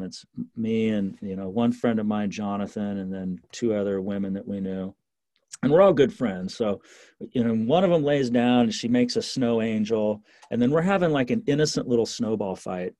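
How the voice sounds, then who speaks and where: A man telling stories in a casual interview, lively and full of fillers and restarts. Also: on the low side, no echo. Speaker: interview guest.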